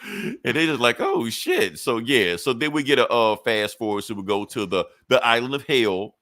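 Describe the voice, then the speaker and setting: A man's voice: medium pitch, moderate pace, fairly bright tone, no echo, studio quality. A man on a podcast recapping a comic book in a loose, casual way, swearing often and using many fillers. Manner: loose, profane storytelling with frequent fillers. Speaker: podcast co-host.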